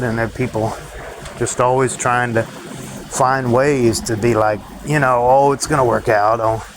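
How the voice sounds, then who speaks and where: Against background noise, a vlogger with a mid-range voice goes on a bitter rant to his viewers, cursing and laughing between complaints in a monologue.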